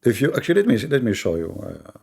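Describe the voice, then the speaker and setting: A man's voice: medium pitch, huge pitch swings, fast, gravelly, darkish tone, breathy edge. A man in a live online debate, combative and scornful, repeating points for emphasis in non-native English.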